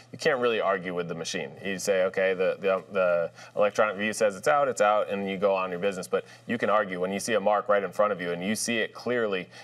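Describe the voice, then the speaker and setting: A man on a sports panel arguing his view in a relaxed, rambling way. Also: lowish voice, recorded from a distance. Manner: relaxed, rambling, with fillers and restarts. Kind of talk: casual debate chat.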